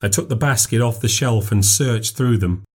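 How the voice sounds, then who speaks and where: Man narrating a ghost story, low voice. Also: breathy edge. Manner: measured, steady storytelling.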